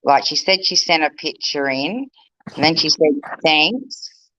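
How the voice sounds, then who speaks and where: A woman hosts a live online psychic show in a chatty, relaxed way. Her voice is bright and forceful. It sounds dry and a little dull, like close live stream audio. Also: low voice, unhurried, no echo. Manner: chatty, relaxed, running the segment.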